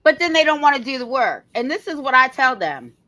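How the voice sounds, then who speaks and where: A woman with a high, bright voice that swings widely in pitch co-hosts a podcast. She sounds irritated and emphatic, pressing her points with "right?". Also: very animated, a little fast, rough recording. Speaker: podcast co-host. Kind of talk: casual podcast talk.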